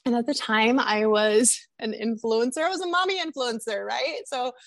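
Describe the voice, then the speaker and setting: A woman with a fairly high voice tells her personal story on a podcast. She is candid and confessional, with animated retelling. The sound is dry and close. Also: moderate pace, vocal fry, no echo. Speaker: podcast guest.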